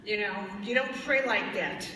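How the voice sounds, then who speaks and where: A woman's voice: fairly high pitch, moderate pace, bright, forceful tone, recorded from a distance, a little hiss or hum. Blunt woman lecturing in an echoey hall. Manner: blunt, emphatic, playfully mocking tones of voice. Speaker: spiritual speaker. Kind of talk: lecture to a live audience.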